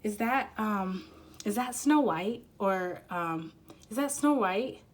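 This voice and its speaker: A woman giving an intuitive card reading, rambling and halting with many fillers and growing emotional as she talks. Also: medium pitch, lively intonation. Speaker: tarot reader. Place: quiet room at home.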